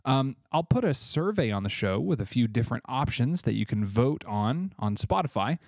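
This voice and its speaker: A man's voice: mid-range voice, big pitch swings, moderate pace, creaky, darkish tone, dry recording, clean studio sound. A man from Tennessee, hosting a casual solo podcast with offhand, chatty asides, a bit congested. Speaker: podcast host.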